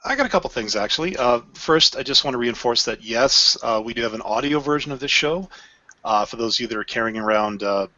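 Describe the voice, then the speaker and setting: A man's voice: mid-range voice, lively intonation, fairly quick, pushed and bright, no room sound, highs cut off. A man co-hosting a casual podcast, cheerfully promoting the show's audio version. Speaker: podcast co-host.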